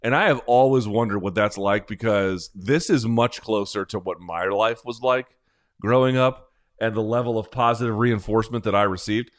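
A man with a fairly low voice hosts a casual talk show. He rambles along, sarcastic and self-mocking, with a comedic bent. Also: normal speed. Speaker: podcast host.

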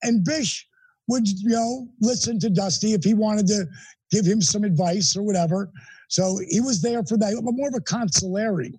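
Husky, high-voiced man telling a story. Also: normal speed, no echo, rough recording. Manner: animated, emphatic storyteller with profanity. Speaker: interview guest. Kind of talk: storytelling in an interview.

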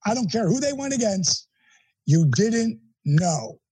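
A middle-aged man with a high, husky voice tells a personal story in an interview. He is animated and emphatic, with a mellow tone. The recording is close and dry. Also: a little slow, no room sound, poor audio. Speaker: interview guest.

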